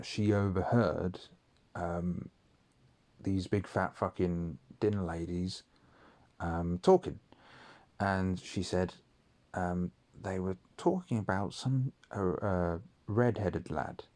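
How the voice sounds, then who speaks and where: A man's voice: deep voice, slow, long pauses, a little mellow. A man telling a story from his school days in a rambling, sweary, casual monologue with many ums. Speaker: audio diarist.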